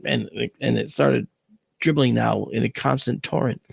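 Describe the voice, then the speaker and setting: A man, an astronomer, telling a vivid personal story and acting out the shouts of the people in it. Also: medium pitch, measured pace, vocal fry, slight background noise. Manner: vivid, acts out quoted shouts, swears.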